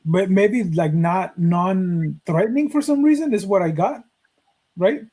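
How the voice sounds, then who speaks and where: Podcast host, man, 30s, from Mexico; mellow, husky tone; swears freely while narrating and acts out quoted lines. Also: sits high, a little slow, low-quality recording. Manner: profane, animated, acts out quoted dialogue. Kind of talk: casual storytelling.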